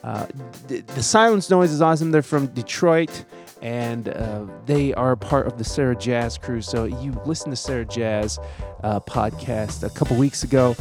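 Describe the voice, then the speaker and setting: A man's voice: mid-range voice, normal speed. Guy podcast host, goofy, laughs a lot, faint music behind. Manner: animated, jokey, laughs loudly. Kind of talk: casual podcast chat.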